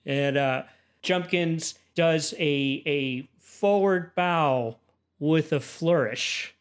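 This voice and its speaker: A man's voice: fairly high pitch, very slow, smooth. A man narrating a tabletop game as its game master, describing scenes with some fillers.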